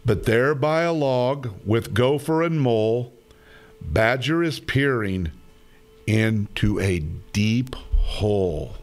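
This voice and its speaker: A man reads a children's story aloud, very slowly and deliberately. His voice rises and falls with lively, sing-song expression, at an ordinary male pitch.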